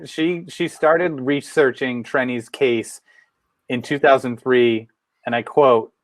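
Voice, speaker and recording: Animated man on a dry mic. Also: medium pitch, slow, no room sound. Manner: animated, self-deprecating, acts out quotes. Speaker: podcast co-host. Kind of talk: casual podcast chat.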